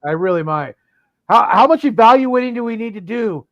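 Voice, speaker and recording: A man with a high voice venting in frustration on a sports podcast, swearing as he goes. The recording is dry and a little dull, like lo-fi audio. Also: lively intonation, brisk, dry recording. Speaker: podcast co-host. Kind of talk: casual sports chat.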